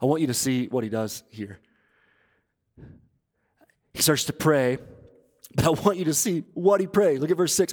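A man preaching a sermon as pastor, urging and earnest, moving between loud appeals and hushed, intense passages. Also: on the high side, expressive, moderate pace, pauses often. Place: church auditorium. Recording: long reverb of a large hall.

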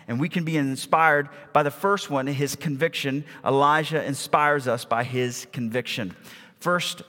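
A man's voice: mid-range voice, unhurried, sharp tone, in a large hall. A male pastor preaching in a church, reading a Bible story aloud and acting out the quoted lines with dramatic emphasis. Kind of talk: sermon with scripture reading. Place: church sanctuary.

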